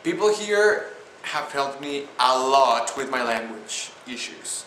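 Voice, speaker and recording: A young male student with a Spanish accent talks casually in a vlog, his mid-range voice animated, pushed and bright. He speaks haltingly, restarting sentences often and filling with "like," and the recording has a roomy echo and faint noise.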